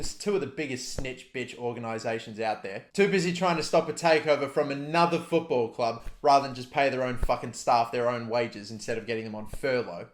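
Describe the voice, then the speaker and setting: Young Aussie guy, furious profane football rant, slightly high voice, echoey room. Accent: Australian. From Australia. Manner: furious, profane, heated ranting. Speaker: football fan vlogger. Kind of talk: angry rant to camera. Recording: roomy echo.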